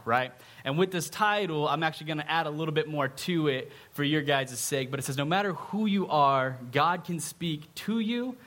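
Loud, animated young male pastor. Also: medium pitch. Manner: loud, animated, conversational, frequent "right?". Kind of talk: sermon.

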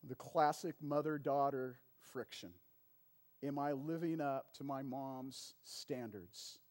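Male pastor in his sermon, a bit high-pitched, chatty delivery that climbs to loud emphatic peaks. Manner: conversational preaching with frequent call-and-response "amen" and "right".

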